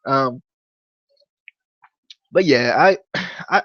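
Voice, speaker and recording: A young man hosting a casual wrestling review podcast, rambling and stammering, often repeating words when he gets excited. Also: medium pitch, takes it slowly, long pauses, no room sound, lo-fi sound. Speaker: podcast host.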